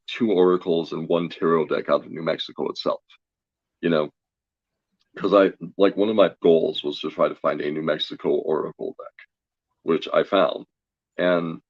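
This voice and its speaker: A man telling a story as a guest in a casual chat, energetic and chatty, laughing often. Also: low-pitched, dry recording, highs cut off. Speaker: guest, tarot reader.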